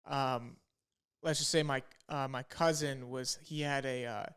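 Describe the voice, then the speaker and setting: A man's voice: mid-range voice, steady tone, a little slow, a bit bright, clear, resonant tone. A young man co-hosting a podcast, telling stories in a laid-back way full of "like" and "you know". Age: young adult. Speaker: podcast co-host. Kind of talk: casual storytelling chat.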